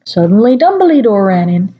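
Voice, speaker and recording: A woman's voice: mid-range voice, big pitch swings, normal speed. Woman reading aloud, mock-dramatic, lo-fi. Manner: mock-dramatic, breaks off to comment wryly. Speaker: reader. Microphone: laptop mic. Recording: dull lo-fi home recording.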